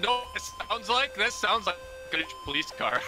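A man with a very bright, sharp voice chats while gaming, slightly high in pitch and lively in intonation. He jokes, chuckles and rambles through his explanations. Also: normal speed, soft background music. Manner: joking, chuckling, rambling with fillers. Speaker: gamer in a co-op session. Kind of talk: casual gameplay chat.

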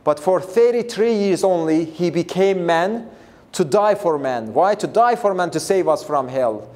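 A man's voice: sits high, lively intonation, unhurried, a little mellow. A man preaching a Bible lesson in an earnest, emphatic way, repeating himself and restarting phrases as he explains. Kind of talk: Bible teaching.

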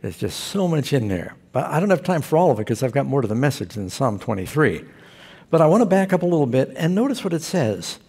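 A man's voice: mid-range voice, sing-song, fast talker, mellow, husky. A male pastor preaching a sermon, telling stories with humor and asking his listeners questions. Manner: humorous storytelling preacher who asks the audience questions.

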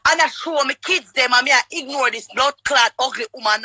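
Loud, bright-voiced Jamaican woman shouting. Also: high-pitched, dry recording. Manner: shouting, cursing, rapid-fire. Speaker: livestream guest. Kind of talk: heated livestream quarrel.

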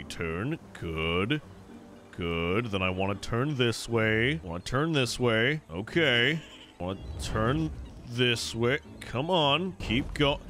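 Excitable, lively young male gamer. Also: fairly low pitch. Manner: excitable, swears a lot, yells at the game. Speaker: gaming YouTuber. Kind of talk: let's-play commentary.

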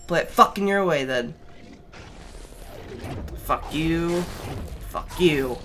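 A gamer giving let's play commentary, exasperated and swearing often, with sudden yelling outbursts at the game. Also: mid-range voice, expressive, slow pace, pauses often, music in the background. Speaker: gamer playing through a platform game.

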